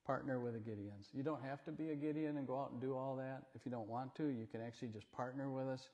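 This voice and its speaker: A man visiting a church as a speaker for a Bible ministry, telling folksy stories in a rambling, gently joking way. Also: mid-range voice, fairly even intonation, fast, lo-fi sound. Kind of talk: folksy storytelling talk in church. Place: church sanctuary. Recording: long church hall reverb.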